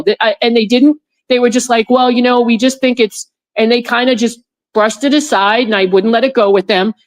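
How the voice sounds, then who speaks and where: A woman's voice: a little high, fairly quick. A woman guest in an interview, telling a personal story in a rambling way with many restarts and repeated words, on a video call. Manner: animated when recounting her friends' words.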